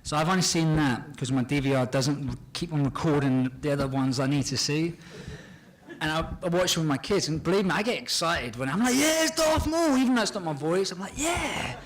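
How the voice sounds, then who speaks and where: 興奮気味に話す男性俳優のパネルトーク. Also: male voice, a little high, fast. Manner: animated and excitable, acts out scenes, laughs often. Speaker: actor guest at a fan panel. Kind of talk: casual panel Q and A.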